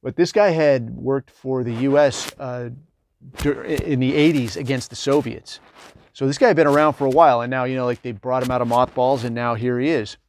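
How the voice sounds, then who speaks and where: A man's voice: medium pitch, steady tone, moderate pace, darkish tone, a little hiss or hum. Rambling middle-aged man telling war stories. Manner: rambling, digressive, conversational with lots of fillers. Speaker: military veteran storyteller. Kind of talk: casual anecdotal storytelling.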